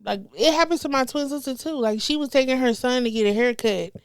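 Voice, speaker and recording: Animated profane woman telling stories. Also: sits high, fast, clean tone, no room sound, clean studio sound. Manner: animated, profane, acts out quotes. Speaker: comedian guest. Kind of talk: casual storytelling chat.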